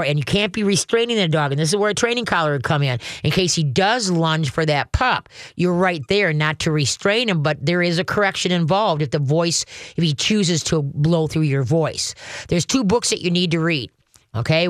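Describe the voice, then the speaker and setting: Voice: mid-range voice, no echo, studio quality. A dog trainer giving call-in advice in a folksy, rambling way, often checking in with "okay?". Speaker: dog trainer answering a caller.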